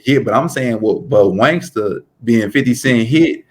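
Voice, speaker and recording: A man co-hosting a podcast, talking in a relaxed, rambling way full of "like" and restarts. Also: medium pitch, breathy edge. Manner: relaxed, drawn-out storytelling with frequent "like". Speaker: podcast co-host. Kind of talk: casual chat.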